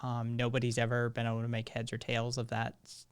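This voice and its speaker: A man hosting a live stream, his voice still hoarse, talking in a rambling, sardonic way and swearing freely. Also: mid-range voice, monotone, a little fast. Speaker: live-stream show host. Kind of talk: casual live-stream commentary.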